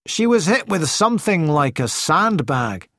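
A man's voice: on the high side, big pitch swings, unhurried, fairly bright tone, no echo, clean studio sound. A man reading aloud as a matter-of-fact male doctor explaining a death. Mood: factual.

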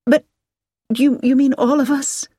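A woman's voice: on the high side, animated, measured pace, no echo, studio quality, voice pushed up. A woman reading the lines of a puzzled young Englishwoman traveller, asking anxious questions.

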